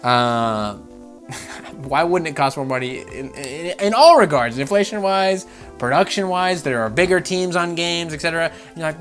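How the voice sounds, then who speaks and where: A man hosting a gaming channel, ranting about game news with swearing and laughter, jumping from loud outbursts to low mutters. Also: moderate pace, faint music behind. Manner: animated, profane, laughing, swings between loud outbursts and mutters.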